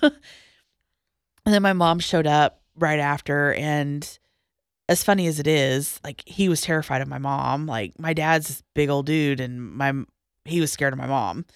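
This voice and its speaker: A young woman telling a personal story as a podcast guest, halting, with restarts and pauses, going quiet at the hardest parts. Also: low-pitched, smooth, no room sound, clean studio sound. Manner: halting, with frequent restarts and trailing-off lines, dropping quiet at hard moments.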